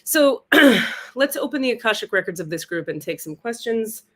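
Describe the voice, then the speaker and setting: A woman's voice: fairly high pitch, sing-song, moderate pace. A woman from California hosting her own live stream, chatting casually in a playful, profane, self-mocking way from a rented home. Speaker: livestream spiritual host. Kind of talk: casual livestream chat.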